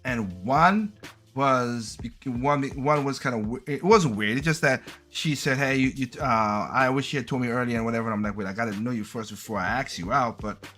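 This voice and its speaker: Bright-voiced man in his thirties, rambling. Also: mid-range voice, faint music behind. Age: 30s. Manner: laid-back, rambling, halting restarts. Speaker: podcast co-host. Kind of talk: casual podcast chat.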